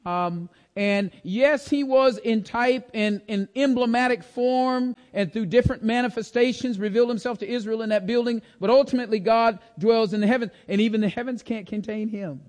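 A man preaching a Bible-teaching sermon, lively and emphatic, often asking the congregation questions. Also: very high-pitched, moderate pace, hardly any pauses.

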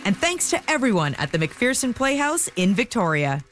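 Woman reading radio credits over music. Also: fairly high pitch. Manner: brisk, even announcer read. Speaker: radio announcer. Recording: loud theme music under voice.

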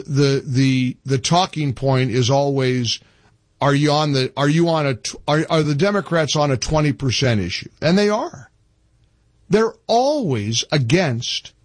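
A man hosting a talk radio show, commenting forcefully and repeating phrases for emphasis. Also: on the high side, no echo. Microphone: studio microphone.

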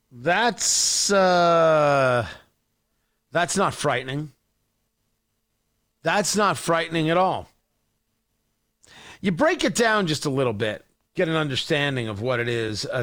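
Man, talk show host, opinion monologue, high pitch, impassioned, sarcastic. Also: expressive, a little slow, long pauses, a bit bright.

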